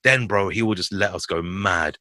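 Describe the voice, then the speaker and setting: A man in his thirties from West London with a London accent, a podcast guest telling animated, slangy stories and swearing freely. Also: low voice, moderate pace, no room sound. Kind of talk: casual podcast chat.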